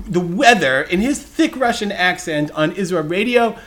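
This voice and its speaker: A man hosting a casual podcast chat, telling stories in an animated way and laughing often. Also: high-pitched, moderate pace, hardly any pauses. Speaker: podcast host.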